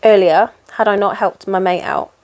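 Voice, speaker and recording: A woman's voice: medium pitch, steady tone, normal speed, darkish tone. A woman in casual chat while she stitches, rambling and poking fun at herself. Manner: rambling, chatty and self-deprecating. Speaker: cross-stitch vlogger.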